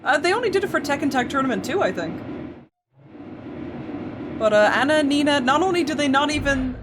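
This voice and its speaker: A woman's voice: high-pitched, lively intonation, a little fast, pauses often, noisy background. A woman with an American accent, chatting casually with viewers as a game streamer and reacting aloud to their comments. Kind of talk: casual chat with viewers while playing.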